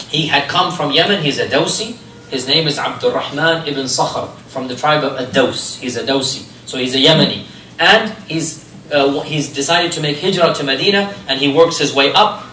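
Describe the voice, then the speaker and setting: A man giving an animated religious history lecture, telling stories and asking his listeners rhetorical questions. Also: a little high, slight background noise. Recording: echoey room, distant mic, faint ambience.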